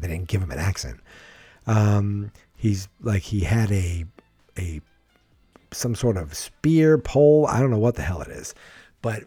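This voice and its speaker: A man's voice: on the low side, dark tone, no echo. A man giving a rambling, frank solo commentary on wrestling, swearing freely and thinking aloud. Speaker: wrestling podcaster.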